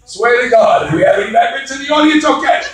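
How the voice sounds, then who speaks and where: A man over fifty doing a stand-up comedy set in a club, brash and crude, shouting his punchlines. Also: very high-pitched, expressive, fast, far from the mic. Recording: echoey club recorded from afar.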